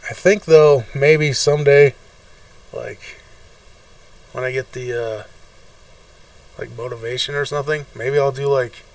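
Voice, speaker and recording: A man's voice: mid-range voice, fairly even intonation, measured pace, pauses often, recorded from a distance. A man co-hosting a podcast, playful and hesitant, trailing off in casual banter. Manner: playful, hesitant, lots of fillers. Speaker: podcast co-host and streamer.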